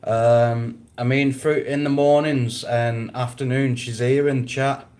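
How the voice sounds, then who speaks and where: A man's voice: medium pitch, level tone, slow pace, darkish tone. A man chatting casually on a live stream, answering viewers, rambling and often breaking into laughter.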